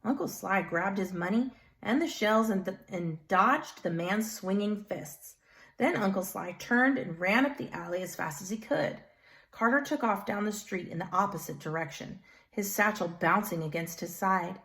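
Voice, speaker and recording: Lady reading a kids chapter book, expressive, chats to the listeners in between. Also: medium pitch, moderate pace. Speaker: storyteller.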